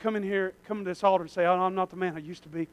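A man preaching a sermon in a church, swinging from quiet asides to shouted exhortation. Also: high voice, steady tone, very fast, clear, resonant tone.

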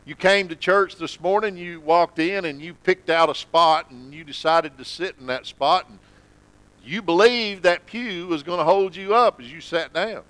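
A man preaching a sermon in church, folksy and conversational, sometimes dropping to a low hush for emphasis. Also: moderate pace, no echo, rough recording. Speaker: pastor.

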